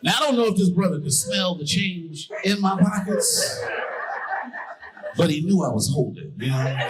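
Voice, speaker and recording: Onstage in front of a loud live crowd, this Brooklyn-born comic delivers profane, punchy, conversational stand-up. His high voice swings hugely in pitch at a normal speed, and the audio is poor.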